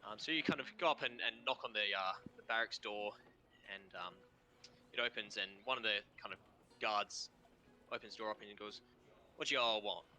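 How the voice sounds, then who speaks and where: A young Australian man narrating as game master over an online call, halting with frequent fillers. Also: on the low side, pushed and bright, low-quality recording. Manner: halting, full of ums and kind-ofs.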